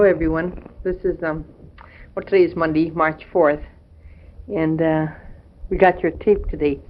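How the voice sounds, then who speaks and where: A middle-aged woman chatting hesitantly at home, recording a rambling family audio letter with many pauses. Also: low voice. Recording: dull old home tape recording with faint hiss.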